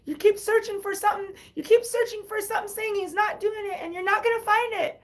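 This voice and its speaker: A woman voicing an exasperated female friend who scolds her bluntly in a shrill, nagging voice. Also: fairly even intonation, quick pace.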